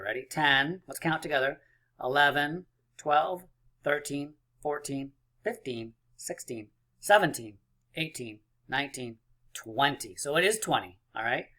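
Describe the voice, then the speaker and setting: Bright-voiced, upbeat teacher man. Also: medium pitch. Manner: encouraging, playful, counts aloud. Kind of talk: math lesson for young children.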